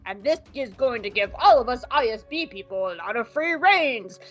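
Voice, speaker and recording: A woman voicing a pompous older male imperial officer who speaks slowly and stiffly. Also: on the high side, lively intonation, fairly bright tone. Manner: slow, stiff, self-important speech. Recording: slightly dull podcast audio, faint music.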